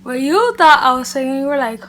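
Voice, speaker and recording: High-voiced chatty woman telling a story. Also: fairly quick, a little hiss or hum. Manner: animated, chatty, heavy use of "like" and "literally". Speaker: beauty vlogger. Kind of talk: casual storytime chat to camera.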